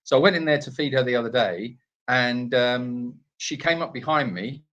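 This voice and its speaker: A man's voice: mid-range voice, normal speed, fairly bright tone, dull audio. A man co-hosting a casual live Q&A from an animal sanctuary, a chatty storyteller who often laughs at his own tales. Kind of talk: casual live-stream chat.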